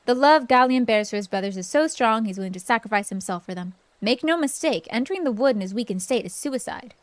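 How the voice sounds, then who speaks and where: A woman's voice: on the high side, animated, fast talker, no room sound, lightly acted. A woman voicing a stern, protective male rebel captain, reading game dialogue aloud.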